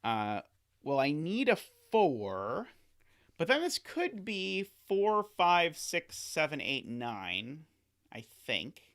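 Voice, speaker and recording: Man, sudoku live streamer, thinking out loud, self-correcting, playful asides, animated swooping pitch. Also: takes it slowly. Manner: talks to himself, corrects himself often, playful asides. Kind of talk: live-streamed puzzle solving, thinking aloud.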